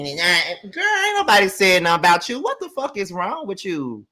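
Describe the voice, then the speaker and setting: A man hosts a casual reality show recap with sassy, profane commentary. His voice sits a little high and comes out bright and pushy. He rants with big, animated swings. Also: a little fast, few pauses. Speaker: host.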